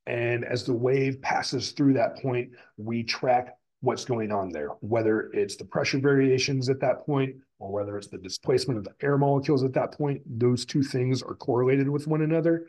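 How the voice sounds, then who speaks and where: Husky-voiced man giving a lecture. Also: mid-range voice, moderate pace, hardly any pauses, a little mellow, rough recording. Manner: explanatory, repeats and rephrases terms. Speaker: physics lecturer. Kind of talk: recorded classroom lecture.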